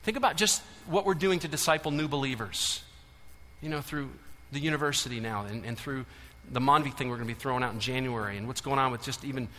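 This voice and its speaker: A man preaching a sermon to a large church congregation, swinging between loud urging and hushed intensity. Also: medium pitch, fast. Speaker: pastor. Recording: long hall reverb.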